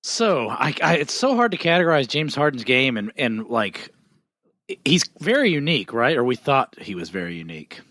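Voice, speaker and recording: A man in his thirties, co-hosting a podcast, cracking quick jokes in casual talk. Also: medium pitch, very animated, bright, forceful tone, no echo, clean studio sound. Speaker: podcast co-host. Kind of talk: casual chat.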